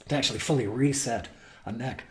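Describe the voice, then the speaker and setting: A man's voice: mid-range voice, fairly quick, heavy background noise. A man hosting a guitar shop's weekly video, talking casually to viewers in a rambling, folksy way with frequent restarts. He is losing his voice and keeps coughing. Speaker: guitar shop host. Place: guitar shop.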